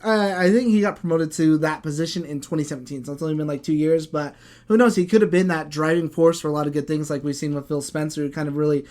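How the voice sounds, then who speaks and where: A man's voice: on the high side, fast, a little mellow. A man co-hosting a casual gaming podcast, hedging his points and trailing off. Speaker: podcast co-host.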